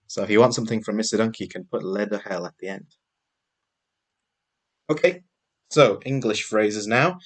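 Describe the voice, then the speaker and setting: A low-voiced man teaches a class over a video lesson. He speaks slowly and clearly, patient, pausing to ask his pupils questions.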